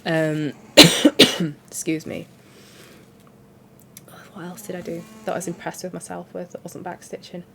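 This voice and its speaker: A woman's voice: lowish voice, little pitch movement, measured pace, gravelly, pauses often, faint music behind. A woman, congested and sore-throated from a cold, chatting in a rambling, self-deprecating way about her cross-stitch. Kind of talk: casual chat.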